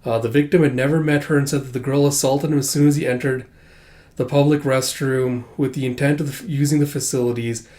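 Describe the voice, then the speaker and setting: A man reads through a comic chapter in an offhand, conversational way. He often fills pauses with "uh" and "like" as he goes. His voice sits at an ordinary mid pitch. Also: darkish tone. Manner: loose and conversational, many fillers like "uh" and "like". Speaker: comic reader. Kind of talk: casual comic read-through.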